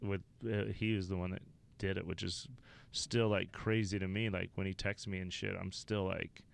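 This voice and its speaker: A man's voice: low-pitched, flat delivery, normal speed, vocal fry. A man from Wyoming, a stand-up comedian guesting on a podcast, telling rambling, profane anecdotes in a casual interview. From Wyoming, USA.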